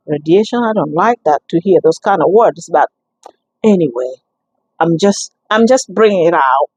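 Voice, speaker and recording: A woman giving a personal testimony, telling her story in an animated, expressive way, with many restarts and acted-out exchanges. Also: fairly low pitch, no room sound, low-quality recording. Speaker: guest sharing a testimony.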